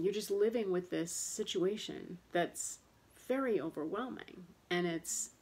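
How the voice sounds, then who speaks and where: With a low, gravelly and slightly mellow voice, a thirty-something vlogger rambles casually about living with chronic pain. She's frank and frustrated, stumbling through fillers and restarts and returning again and again to the same point.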